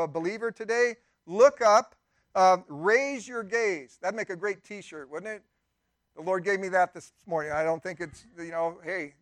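Man pastor, high voice, dry close sound, conversational sermon, emphatic rises. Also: no echo.

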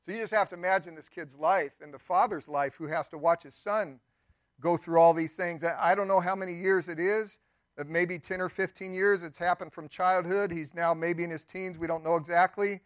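A man's voice: high voice, steady tone, moderate pace, dry recording, clean studio sound. A man pastor preaching a sermon in a conversational way, with emphatic rises and friendly asides.

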